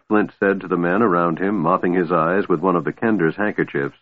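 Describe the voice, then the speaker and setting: A man narrating a fantasy audiobook in a steady storytelling voice. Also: deep voice, a little fast. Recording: tinny phone-like sound, dry.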